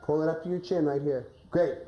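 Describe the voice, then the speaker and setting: A woman's voice: low-pitched, steady tone, fairly quick, lo-fi sound. Woman coaching a class play. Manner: instructive, tags "right?" often. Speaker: drama coach. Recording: echoey classroom, faint noise.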